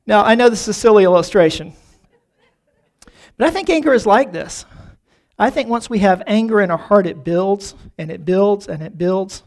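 The pastor's mid-range voice is expressive and moves at a moderate pace. He preaches earnestly in a church, with a habit of repeating the opening word of his phrases.

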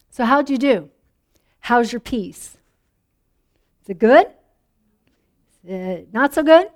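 A woman pastor with a notably high voice gives a sermon in a church. She keeps it conversational, checking in with "okay?" and putting a string of questions to her listeners. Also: lively intonation, takes it slowly, long pauses. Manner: conversational, asks the congregation questions; drops soft and low when praying.

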